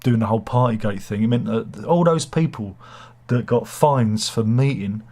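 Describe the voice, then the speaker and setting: A man's voice: lowish voice, lively intonation, normal speed, dark tone. A man with a head cold, hosting a live chat show in a rambling, hesitant way, full of fillers and jokey asides while reading out viewer comments. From United Kingdom. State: has a cold, slight cough.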